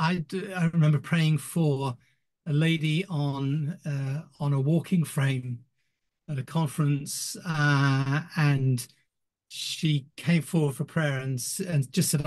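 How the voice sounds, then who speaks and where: An older man recounts stories in an interview, his voice sitting a little high. He talks in an animated way, stumbling into restarts and acting out what people said. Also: measured pace. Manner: animated storyteller, acts out quoted voices, many restarts. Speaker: retiring ministry director.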